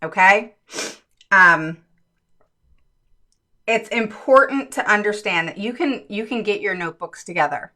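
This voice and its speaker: A woman hosting a casual live stream as a parent advocate, earnest and chatty, with many fillers and quick hellos to viewers by name. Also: medium pitch, lively intonation, sharp tone. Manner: chatty, greets viewers by name mid-sentence. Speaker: special education advocate and live-stream host.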